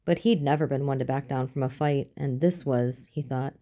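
A woman reading fiction aloud as an audiobook narrator, in a steady, measured way. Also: a bass voice.

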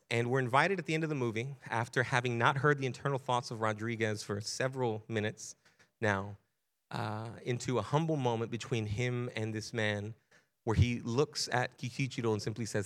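A man's voice: mid-range voice, fairly bright tone. Earnest male pastor preaching a sermon. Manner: earnest storytelling, building intensity, repeats phrases.

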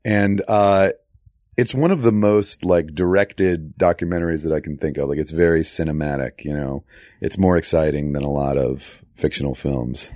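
Man, very deep voice, casual movie podcast chat, rambling with fillers, dry close sound. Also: fairly even intonation, normal speed, a little mellow, dry recording. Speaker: podcast co-host.

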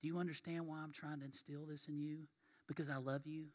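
A man's voice: fairly high pitch, little pitch movement, fast. Male pastor, folksy conversational sermon, long echoing church reverb. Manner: conversational, folksy, acts out quoted voices.

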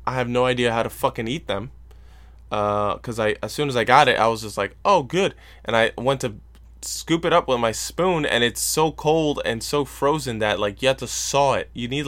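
A man hosting a podcast, telling a story in a casual, profane rant and mocking people in loud put-on voices. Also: medium pitch. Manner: profane, ranting, mocks others in loud voices. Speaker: podcast host.

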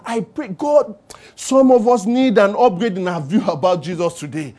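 A man's voice: high-pitched, animated, normal speed, darkish tone. A Nigerian man preaching a sermon in church, emphatic, asking the congregation call-and-response questions. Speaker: pastor.

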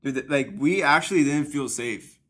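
A man's voice: medium pitch, normal speed, a bit bright. A young man co-hosting a podcast, telling stories bluntly with plenty of swearing, "dude" and "bro". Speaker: podcast co-host. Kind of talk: casual storytelling chat.

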